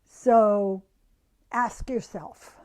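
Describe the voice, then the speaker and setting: A woman giving a reflective self-help talk to her viewers, soft-spoken and often dropping to a hushed near-whisper. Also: medium pitch, steady tone, extremely slow.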